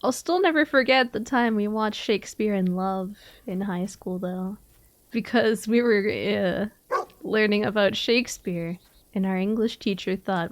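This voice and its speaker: A woman's voice: medium pitch, measured pace, no room sound. A young woman streaming a game live, chatting casually, laughing often and answering her chat.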